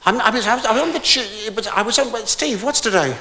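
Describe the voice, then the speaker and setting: High-pitched, quick, bright, and forceful, the voice comes from an older man doing stand-up in a debating hall. His comic tale wanders, full of stammers, false starts, and theatrical asides.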